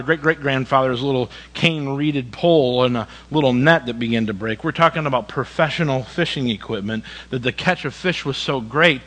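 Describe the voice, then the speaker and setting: A man's voice: medium pitch, sharp tone, breathy edge, in a large hall, rough recording. A man preaching a sermon in a church, with emphatic repetition and direct questions to the congregation. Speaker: pastor.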